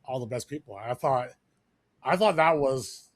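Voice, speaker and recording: A man's voice: mid-range voice, animated, a little slow, no room sound. Rambling man, casual podcast chat. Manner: rambling, many fillers and restarts. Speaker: podcast co-host.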